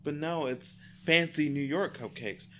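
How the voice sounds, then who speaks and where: A man's voice: fairly high pitch, a little slow, fairly bright tone, slight background noise. A man co-hosting a podcast, recapping a TV show in casual chat, laughing often and doing silly voices. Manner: laughing, playful, puts on silly voices for the dog. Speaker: podcast co-host.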